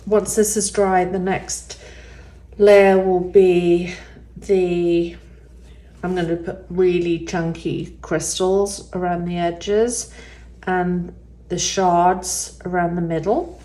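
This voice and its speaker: A woman's voice: lowish voice, level tone, slow pace, mellow. A woman giving a casual step-by-step craft demonstration, chatty and thinking aloud with the odd um. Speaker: resin art tutorial maker. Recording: roomy echo.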